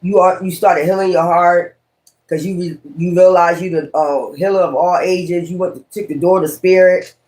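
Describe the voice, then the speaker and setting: A man's voice: high voice, fairly even intonation, moderate pace, a little mellow. A man doing a casual tarot reading, talking in a blunt, profane, rambling and preachy way. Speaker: tarot reader.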